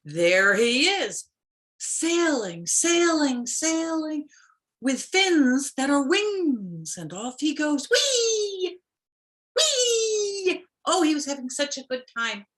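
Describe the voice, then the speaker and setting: A woman's voice: high voice, lively intonation, takes it slowly, fairly bright tone. A woman storyteller telling a folk tale expressively over a video call, with playful sound effects.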